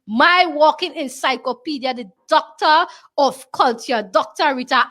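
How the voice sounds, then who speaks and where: A woman with a Tobago accent hosts a studio talk show. She talks straight to the audience and slips easily into dialect. Her voice sits high. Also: unhurried, fairly bright tone. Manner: chatty, addresses the audience in dialect. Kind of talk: lively studio show hosting.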